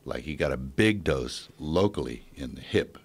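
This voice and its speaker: A middle-aged man, a podcast guest, telling a story in a halting, anecdotal way with chuckles. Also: extremely low pitch, expressive, slightly rough. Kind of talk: casual chat.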